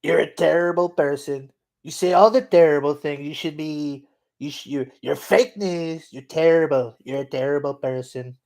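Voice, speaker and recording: A man's voice: a little high, moderate pace, creaky, darkish tone. A man hosting a comedy video, teasing an AI with mock-boastful banter in casual chat. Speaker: YouTube comedy host.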